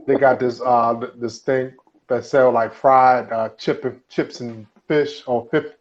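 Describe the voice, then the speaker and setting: A man's voice: medium pitch, fairly even intonation, measured pace, slight background noise. A man on a podcast who tells rambling, laid-back stories in a casual chat. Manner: rambling storytelling with fillers and restarts. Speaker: podcast co-host. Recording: dull lo-fi recording.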